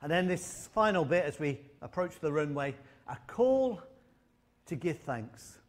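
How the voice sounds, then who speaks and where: A man preaching with a slightly raised pitch. He mixes light humorous anecdotes with emphatic, repeated lines, and his delivery rises and falls in emphasis. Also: sing-song, a little slow. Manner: storytelling with humor and emphatic repetition. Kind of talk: sermon.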